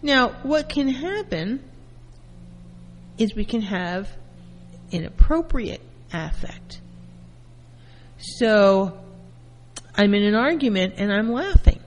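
A woman therapist giving a calm lecture, explaining terms through everyday first-person examples. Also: medium pitch, takes it slowly, long pauses, in a large hall, a little hiss or hum, low-quality recording. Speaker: therapist teaching.

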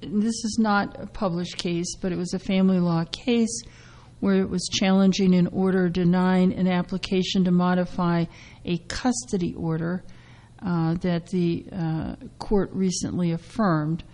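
Halting woman radio host, low mellow voice. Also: fairly even intonation, rough recording. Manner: halting, many fillers and restarts. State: recovering from a cough. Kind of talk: casual radio talk on legal news.

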